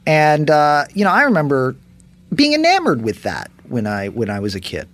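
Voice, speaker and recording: A man guesting on a comedy podcast, rambling through improvised bits in an animated way. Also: fairly high pitch, normal speed. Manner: animated, rambling, breaks into goofy impressions.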